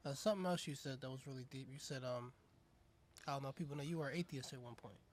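A man's voice: medium pitch, quick pace, slight background noise. A man hosting a podcast interview in a casual, encouraging way, often answering with short affirmations. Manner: encouraging, backchannels with "word" and "mm". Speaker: podcast host.

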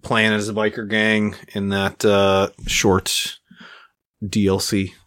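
A man co-hosting a gaming podcast, talking casually and relaxed. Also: fairly low pitch, slow. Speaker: podcast co-host. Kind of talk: casual chat.

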